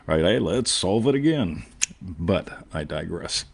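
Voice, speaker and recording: A man's voice: low voice, expressive, a little slow, gravelly, slightly rough. A man co-hosting a live online show, talking in a jokey, digressive way and often asking "right?". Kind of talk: casual, rambling live-stream chat.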